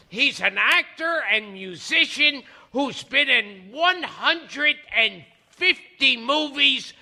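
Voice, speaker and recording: A man's voice: very high-pitched, gravelly, sharp tone. A man hosting a podcast interview, introducing his guest with a wry, joking delivery. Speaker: podcast host.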